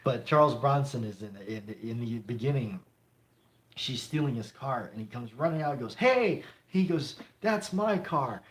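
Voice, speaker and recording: A man hosting a casual live stream, answering viewer comments in a rambling way with many fillers and frequent chuckles. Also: medium pitch. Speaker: live-stream host of a gun channel.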